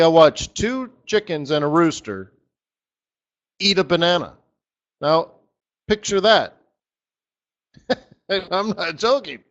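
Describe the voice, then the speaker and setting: A man's voice: sits high, fairly bright tone, dull audio. A man working as a currency analyst, chatting and joking with viewers on a live trading webcast, laughing often.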